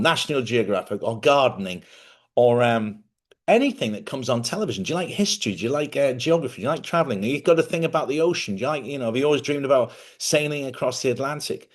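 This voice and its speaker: A middle-aged man hosts a casual spiritual talk for his viewers, speaking at an ordinary pitch. He rambles in a chatty way, corrects himself mid-sentence and often laughs. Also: animated, fast talker. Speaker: host.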